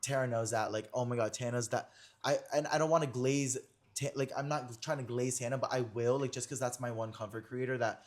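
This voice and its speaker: Fast-talking young man rambling on a podcast. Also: mid-range voice, fairly even intonation. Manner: rambling, filler-heavy speech full of online slang. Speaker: podcast host. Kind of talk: casual chat.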